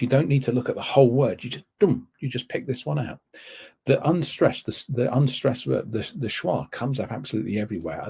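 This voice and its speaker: A man's voice: lowish voice, vocal fry, a little mellow, breathy edge. A man giving a teaching webinar, rambling and correcting himself often as he explains. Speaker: TEFL course tutor. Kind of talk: webinar lecture.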